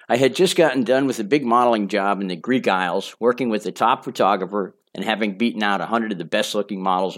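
An older man reading his own memoir aloud, telling a candid, boastful story. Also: fairly low pitch. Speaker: memoir narrator.

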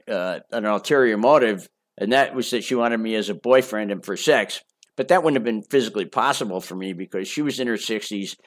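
An older man reading his memoir aloud in a casual, boastful storytelling manner with chatty asides. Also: lowish voice. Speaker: memoir narrator.

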